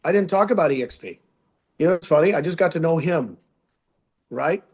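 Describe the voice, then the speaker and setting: A man's voice: fairly high pitch, expressive, brisk, darkish tone, husky. A man speaking as a guest on a training webinar over a video call, chatty and rambling with frequent restarts. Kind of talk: casual webinar talk.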